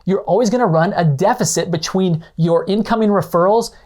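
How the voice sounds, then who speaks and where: A man's voice: sits high, brisk, a little mellow. A man hosting an instructional podcast, explaining ideas in a conversational way with frequent checking-in questions. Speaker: podcast host. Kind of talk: instructional monologue.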